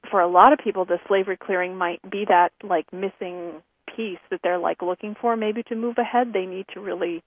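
Husky woman co-host on a phone line. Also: lowish voice, dry recording. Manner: hesitant, many ums and restarts. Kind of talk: casual talk show chat.

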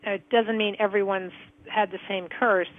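A woman's voice: medium pitch, fairly even intonation, moderate pace, no echo. Woman co-host on a tinny radio line. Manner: reads out listener messages and asks clarifying questions. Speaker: co-host reading listener comments. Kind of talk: call-in radio talk.

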